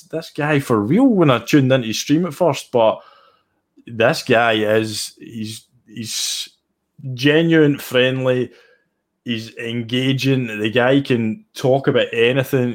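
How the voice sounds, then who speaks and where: A man's voice: medium pitch, a little slow. Chatty Scottish man, easygoing. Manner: chatty, enthusiastic, restarts phrases often. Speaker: guest sim racer. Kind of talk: casual interview chat.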